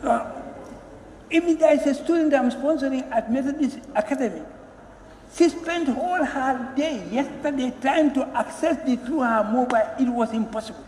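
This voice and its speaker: A man delivers a parliamentary floor speech in a strikingly high voice. He pleads earnestly, leaning on repeated words for emphasis. The chamber is roomy, with a long reverb and a faint background hum. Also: moderate pace, darkish tone. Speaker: member of parliament.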